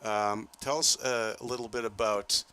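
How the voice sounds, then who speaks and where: A man's voice: on the low side, steady tone, moderate pace, bright, forceful tone, smooth. A man with a Boston accent interviewing a director over trailer footage, chatty and friendly as he prompts questions.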